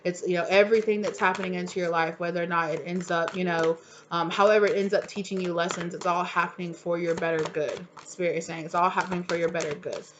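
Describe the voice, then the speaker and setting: A woman's voice: fairly low pitch, fairly even intonation, fast talker, slight background noise. Chatty woman giving a tarot reading. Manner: chatty and encouraging, many fillers like "you know". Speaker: tarot reader. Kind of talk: casual spoken tarot reading.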